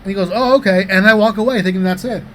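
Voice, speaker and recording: A man in his thirties co-hosting a comedy podcast, telling rambling, profane anecdotes in a casual, animated way. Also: high voice, rapid-fire, slight background noise. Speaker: podcast co-host.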